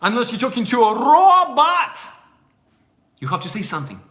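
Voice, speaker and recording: A young man with a Russian accent, a native Russian speaker, teaching a casual language lesson in a playful, animated way. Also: very high-pitched, normal speed, echoey room. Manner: animated, playful, puts on voices in anecdotes.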